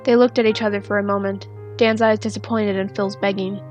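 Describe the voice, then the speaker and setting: A woman narrating a fanfiction story in a steady, soft-spoken reading. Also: medium pitch, fairly quick, highs cut off, soft background music. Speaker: fanfiction reader.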